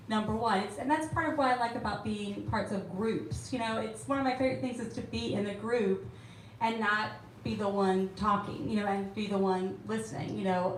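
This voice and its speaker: A middle-aged woman from Alabama, an author answering audience questions with chatty, laugh-filled stories. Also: mid-range voice. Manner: chatty, laughing often, storytelling. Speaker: author at a book event. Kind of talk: casual Q&A answers. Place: bookstore event room. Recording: roomy room, distant mic, faint hiss.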